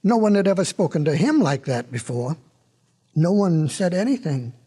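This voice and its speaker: A man's voice: on the high side, expressive, moderate pace, warm tone, breathy edge. A man narrating a storybook record in a folksy way, with chatty asides to the listener.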